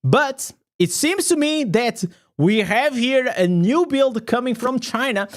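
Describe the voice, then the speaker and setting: A man giving casual, excitable reaction commentary as a gaming content creator, chatty and laughing often. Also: extremely high pitch, slow.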